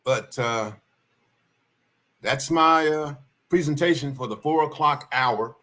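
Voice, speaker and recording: A man hosting a livestream with a bright, sharp-edged voice. He talks in a folksy, meandering way at an ordinary pitch and circles back to repeat his main points. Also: slow pace. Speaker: livestream host. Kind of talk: casual spoken storytelling.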